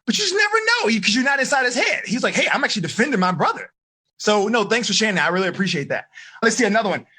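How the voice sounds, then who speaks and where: A middle-aged man, a teen life coach, teaching a live online seminar in an energetic, questioning way. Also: sits high, rapid-fire, husky. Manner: energetic, asks questions, coaxing.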